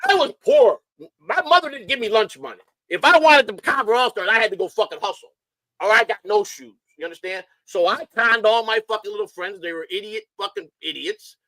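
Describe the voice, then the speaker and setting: A middle-aged man from Chicago who talks in a hyper, rambling rush, full of profanity and tangents. His voice sits a little high and comes across forceful and tense. The sound is dry and close. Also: expressive, a little fast, dry recording. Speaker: show host. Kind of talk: casual livestream chat.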